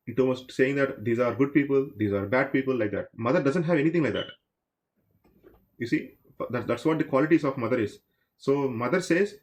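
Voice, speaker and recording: Man teaching a devotional class. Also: medium pitch. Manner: conversational, addresses listeners directly. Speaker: religious story teacher.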